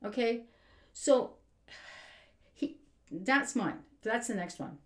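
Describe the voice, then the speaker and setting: A woman's voice: on the high side, lively intonation, slow. Indignant woman ranting, roomy echo. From Canada. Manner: exasperated, indignant, emphatic. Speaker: vlogger. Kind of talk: ranting commentary.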